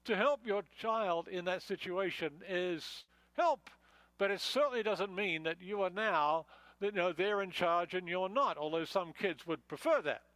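A pastor preaches a conversational expository sermon, explaining a passage verse by verse with plenty of fillers and restarts. His voice is high and a bit bright at a moderate pace, with no echo but poor audio quality.

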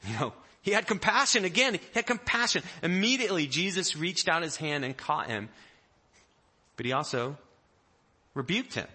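A man preaching a sermon with a bright, ringing voice. He tells the story like a lively storyteller, jumping into the voices of the people in it. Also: fairly high pitch, moderate pace, breathy edge. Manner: animated storyteller, acting out quotes in varied voices. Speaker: pastor.

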